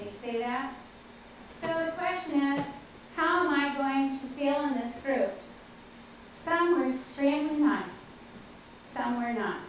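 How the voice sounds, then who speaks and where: An older woman, a professor, telling anecdotes in a chatty lecture full of "okay" and "uh" fillers. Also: high-pitched. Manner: chatty, frequent "okay" and "uh" fillers, laughs at herself. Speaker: professor giving a faculty talk. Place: large lecture hall with audience. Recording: very echoey hall, distant, faint hiss.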